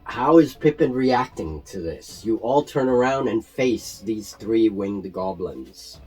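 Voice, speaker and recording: A man narrates a tabletop fantasy adventure as game master, setting scenes in a measured, storytelling delivery. His pitch moves expressively while his pace stays slow. His voice has a slightly husky grain, with faint music underneath. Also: animated, a little mellow, rough recording.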